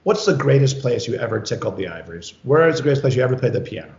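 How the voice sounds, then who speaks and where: Gravelly, enthusiastic male video-call host. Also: medium pitch, big pitch swings, racing, darkish tone. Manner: enthusiastic, chatty, laughs often. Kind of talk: casual interview chat. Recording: roomy, dull lo-fi sound.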